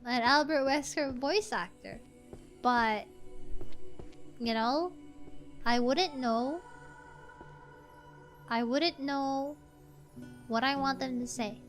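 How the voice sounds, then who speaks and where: A woman streamer chatting casually while she plays, rambling and correcting herself, with sudden excitable outbursts. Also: high voice. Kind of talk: casual gameplay stream chat.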